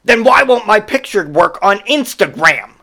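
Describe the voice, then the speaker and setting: A man's voice: high-pitched, animated, unhurried, creaky, pushed and bright, pitched above the performer's own voice, exaggerated voice. A man voicing a huffy, clueless male customer who complains in a whiny, indignant way.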